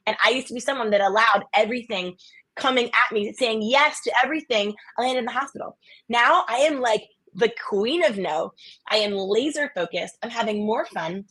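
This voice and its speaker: A woman's voice: a little high, a little fast, fairly bright tone, slightly rough. A woman from the US East Coast, a podcast guest, chatting casually and telling stories energetically with lots of quoted voices. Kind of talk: casual interview chat.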